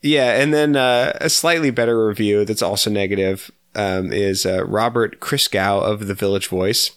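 A man's voice: on the low side, fairly even intonation, a bit bright, clear, resonant tone, no room sound, clean studio sound. Sarcastic, swearing male podcast co-host. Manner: sarcastic, profane, quick banter. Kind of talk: casual chat.

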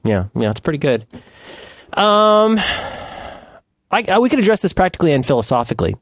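A man's voice: a little high, sing-song, fairly quick, no echo, clean studio sound. A man co-hosting a podcast in casual chat, playful and riffing, dropping into silly voices now and then. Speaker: podcast co-host.

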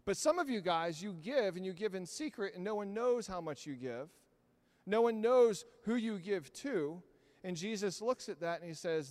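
A man preaching a sermon in an animated, conversational storytelling manner. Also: high-pitched, moderate pace, in a large hall. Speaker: pastor.

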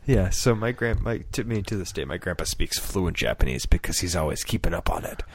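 A man's voice: deep voice, animated, a little fast, noisy background. A man on a casual podcast telling a rambling family story, laughing often and acting out the voices of the people in it. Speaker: podcast co-host.

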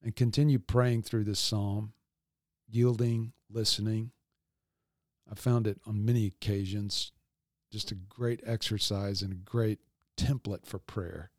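A man hosting a devotional podcast, teaching in a calm, reflective way. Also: lowish voice, a little slow, dry recording, clean studio sound.

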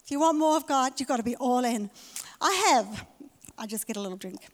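A woman's voice: on the high side, lively intonation, brisk. A woman pastor preaching a sermon in a church, emphatic and repeating her key phrases. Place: church hall. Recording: reverberant church hall.

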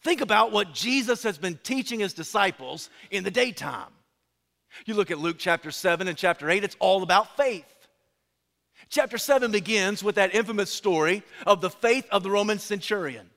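A man preaching a sermon in a dramatic way, swinging from loud pleading to hushed lines. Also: high voice, lively intonation, normal speed, creaky. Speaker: pastor. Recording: long hall reverb.

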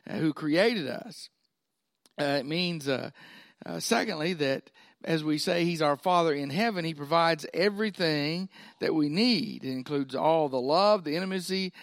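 A man's voice: fairly high pitch, fairly bright tone, no echo, clean studio sound. A man preaching a sermon, folksy and often checking in with his listeners. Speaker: pastor.

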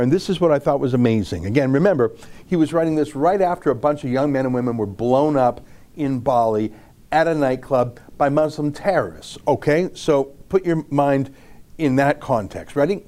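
A middle-aged man giving opinion commentary, reading an essay aloud slowly and emphatically. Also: medium pitch, dark tone. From Canada. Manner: emphatic, slow deliberate reading. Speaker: political commentator.

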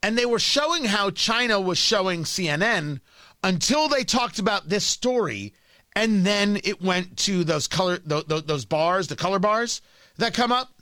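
A man hosting talk radio, delivering an emphatic opinionated monologue that swings from loud scolding to low asides, on a studio mic. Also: expressive, normal speed, no room sound. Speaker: radio talk show host.

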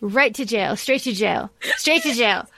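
A woman's voice: a little high, animated, measured pace, bright, forceful tone, no room sound. A woman co-hosting a book podcast in casual chat, blunt and swearing freely, acting out scenes as she retells them. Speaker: podcast co-host.

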